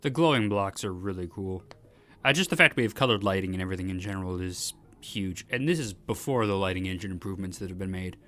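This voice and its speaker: A man giving excited commentary over game footage as a video host, gushing with enthusiasm and often repeating words as he starts a thought. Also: deep voice, quick pace, soft background music.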